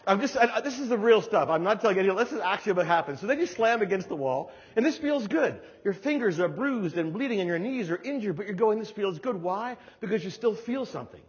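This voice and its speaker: A middle-aged man from New Jersey delivers a lively, humorous keynote story, slipping into voices as he acts out scenes. His voice is slightly high and husky. The recording is dull and muffled, with the long reverb of a large hall. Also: fast talker, hardly any pauses. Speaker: keynote speaker.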